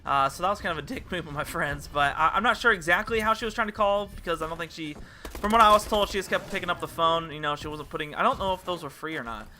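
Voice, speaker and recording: Young man, slightly high voice, rambling casual storytime, restarts sentences. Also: fast, pushed and bright, slight background noise. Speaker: gaming channel host. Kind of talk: casual storytime over gameplay.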